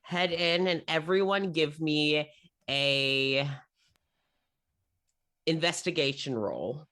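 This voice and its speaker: A man running a tabletop game as game master, narrating the scene in a relaxed, rambling way full of ums and uhs. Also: a little high, takes it slowly. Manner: relaxed and rambling, with frequent 'um' and 'uh'.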